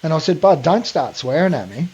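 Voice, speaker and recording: A man's voice: a little high, big pitch swings, a little fast, darkish tone, husky, muffled recording. An Australian man co-hosting a podcast, talking bluntly in casual chat and calling people mate. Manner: blunt, ranting, says mate a lot. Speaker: podcast co-host.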